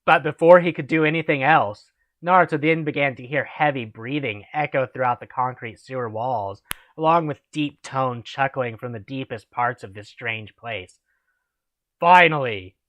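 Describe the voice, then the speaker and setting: Guy reading fanfic out loud to his buddies, dry muffled call audio. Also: medium pitch, moderate pace, no echo. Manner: reads with laughs and swearing asides. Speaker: channel host reading fan fiction. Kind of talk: reading aloud with banter.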